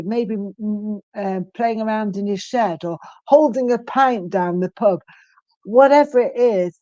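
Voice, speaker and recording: A woman in her fifties, a guest in an interview, speaking earnestly and emphatically with frequent pauses and restarts. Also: mid-range voice, darkish tone, dry recording. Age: 50s. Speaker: guest, stroke survivor. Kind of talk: candid interview conversation.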